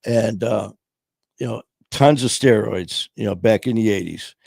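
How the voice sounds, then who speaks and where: Unhurried and gravelly, a little mellow and fairly low in pitch, a Michigan podcast host in his sixties tells loose, profane stories littered with "man" and "you know" during a casual storytelling interview. The streaming podcast mic gives a dry, clean studio sound.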